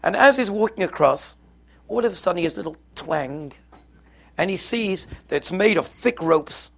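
A man with a somewhat high, gravelly voice teaches a Torah lesson. He talks in a relaxed, conversational way and walks through stories and texts step by step. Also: moderate pace. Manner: conversational storytelling, explains step by step.

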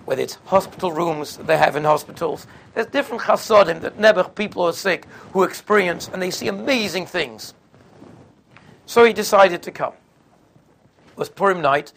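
A man with a gravelly, somewhat high voice tells stories in a sermon. His delivery is conversational and unhurried. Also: a bit bright. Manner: conversational, sprinkles in Yiddish and Hebrew terms. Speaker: religious speaker. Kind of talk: storytelling sermon.

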